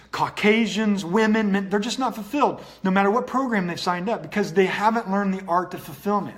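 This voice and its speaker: A man's voice: high voice, a bit bright. A man coaching viewers in a motivational livestream, talking in an earnest, repetitive way and greeting people by name. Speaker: online coach.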